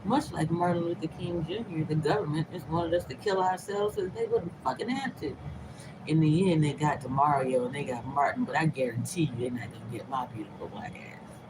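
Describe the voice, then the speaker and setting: A woman talking straight to her viewers in a casual, emphatic vlog monologue, moving between loud, swearing outbursts and hushed, half-whispered asides. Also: low-pitched, brisk, background noise. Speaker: vlogger, host of her own channel.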